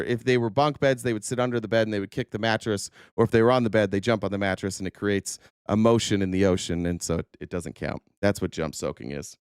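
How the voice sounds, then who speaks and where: A man hosting a political livestream, full of sarcasm and swearing as he rants and reads out viewer comments. His voice is smooth and resonant, a little worn, with a dry, close sound and no room echo. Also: medium pitch. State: voice a bit worn. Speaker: livestream host. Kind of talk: casual political livestream rant.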